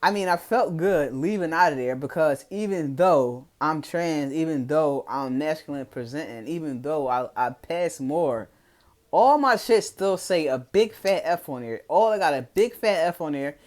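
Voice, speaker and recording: A man's voice: a little high, expressive, normal speed. A young man with a Philadelphia accent telling a casual, profane, slang-heavy story to his followers. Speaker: vlogger.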